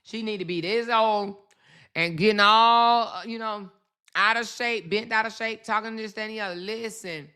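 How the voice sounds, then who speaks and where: Woman host, bright voice, blunt, profane, repeats herself, livestream chat on a phone or computer mic. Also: mid-range voice, clean tone. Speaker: channel host. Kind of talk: casual livestream commentary.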